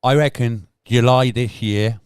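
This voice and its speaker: A man's voice: mid-range voice, steady tone, unhurried, clear, resonant tone, dry recording, clean studio sound. A man, bluntly arguing with his chat on a casual livestream and swearing now and then. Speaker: livestream host.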